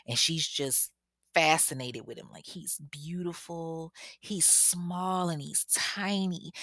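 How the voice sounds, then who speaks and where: A woman's voice: lowish voice, bright, forceful tone, dry recording, studio quality. A woman telling a true crime story in a chatty, casual way, talking straight to listeners. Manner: chatty, addresses listeners directly.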